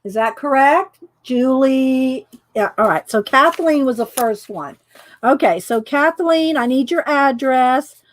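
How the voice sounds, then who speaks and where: Running a live craft demonstration, an art journaling instructor speaks slowly in a high voice with lively intonation. She chats with viewers and giggles often as she works.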